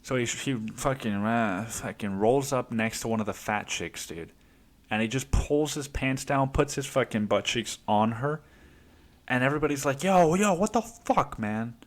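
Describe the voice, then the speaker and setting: A man hosting a podcast, telling a story in a casual, profane, rambling way, with "dude" in nearly every phrase and quick put-on voices for the people in it. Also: mid-range voice. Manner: acts out other people's lines in quick voices. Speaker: podcast host.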